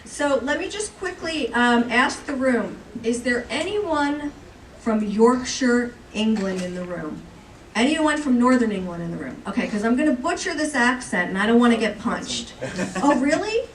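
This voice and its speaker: A woman's voice: fairly high pitch, moderate pace. A woman presenting and joking with the audience on a convention panel, recorded from the crowd. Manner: lively, joking, chatty with the audience. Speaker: comics editor presenting on a panel. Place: large convention hall. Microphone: recorded from the audience by a far camera. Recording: echoey hall from far off, faint noise.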